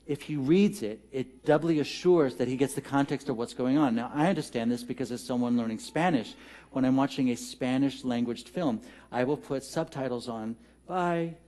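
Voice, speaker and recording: Guy minister preaching in a church, chatty funny story, asks the room questions, normal pitch. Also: warm tone. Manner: conversational, humorous, talks directly to the congregation. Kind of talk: storytelling sermon. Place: church sanctuary.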